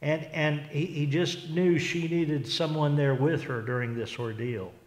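A man preaching a sermon as pastor, earnest and unhurried, often restarting and repeating words as he goes. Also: on the high side, fairly even intonation. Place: church sanctuary. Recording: echoey church hall.

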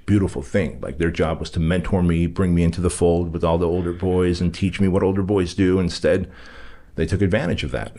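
A man's voice: sits low, darkish tone. A man from Armenia, a podcast guest, candidly tells a personal story and acts out the quoted dialogue with emphasis.

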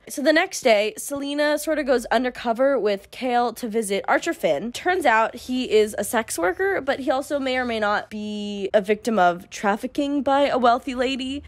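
A young woman in her twenties recapping a novel for a vlog, with wry deadpan asides and a lot of "like". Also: a little high. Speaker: book review vlogger. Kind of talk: sarcastic book recap.

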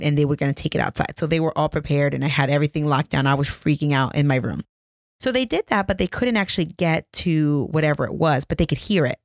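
Low-voiced, gravelly chatty woman. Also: no echo, studio quality. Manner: chatty, laughing, self-deprecating storyteller. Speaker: podcast host. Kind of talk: casual chat. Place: home. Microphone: studio microphone.

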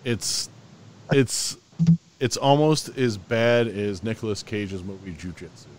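Lower-voiced laid-back podcast guy. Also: takes it slowly. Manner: sighing, laid-back, profane. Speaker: podcast co-host. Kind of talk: casual chat.

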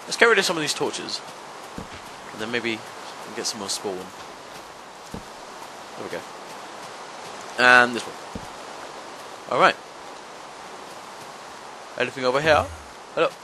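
A young man giving let's-play commentary, talking to the monsters and yelping and shouting whenever they hit him. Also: medium pitch, lively intonation, takes it slowly, pauses often, noisy background. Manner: talks to monsters, yelps and shouts when hit. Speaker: gaming channel host.

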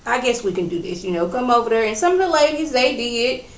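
A woman giving a casual, sassy recap of a reality show, chatting in a lively storytelling way. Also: a little high, fast talker, echoey room, poor audio.

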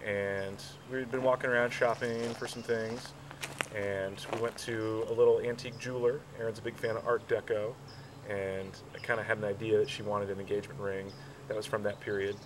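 Man, low voice, halting storyteller, mic set back, faint outdoor hiss. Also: flat delivery, recorded from a distance. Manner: slow, halting, many fillers and restarts. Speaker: groom telling proposal story. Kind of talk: casual storytelling.

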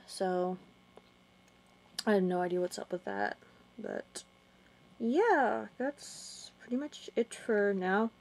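A young woman vlogging casually about a chat exchange, rambling and halting with many restarts. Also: mid-range voice, expressive, darkish tone. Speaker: gaming video creator. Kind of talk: casual vlog recounting a chat.

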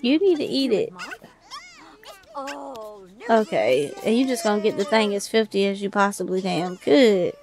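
Sassy gravelly-voiced woman game commentator. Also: medium pitch, animated, a little slow, pauses often, a little mellow, faint music behind. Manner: sassy, talks back to the game characters; swears casually, informal slang. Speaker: let's play creator. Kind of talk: casual gameplay commentary.

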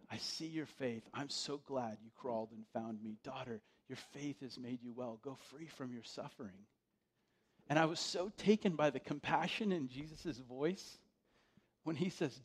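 A male pastor giving a sermon in a conversational, storytelling way, dropping his voice to a hush for quoted words. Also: medium pitch.

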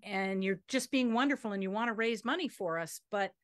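A woman's voice: mid-range voice, a little fast, fairly bright tone, no echo, clean studio sound, close to an everyday voice. A woman playing a fretting lady. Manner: flustered, repeats herself. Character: fussy, fretting Southern small-town woman. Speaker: improv performer. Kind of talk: live improv comedy scene. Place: theater stage.

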